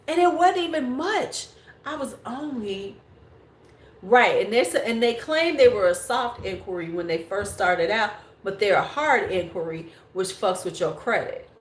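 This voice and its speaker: With a medium pitch and moderate pace, a woman in her forties from the United States hosts a beauty livestream. She chats bluntly and casually with viewers, swearing freely, and the room echoes.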